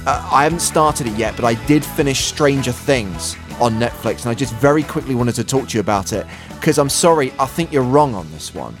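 Podcast host, male, wry and dry, lively pitch; faint music under a dry mic. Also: a little fast. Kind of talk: casual chat.

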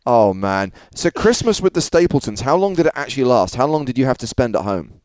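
A man hosts a casual podcast chat, firing off incredulous, probing questions. His pitch swings widely as he reacts, and the sound is dry and close. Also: sing-song, a little fast, darkish tone, no room sound.

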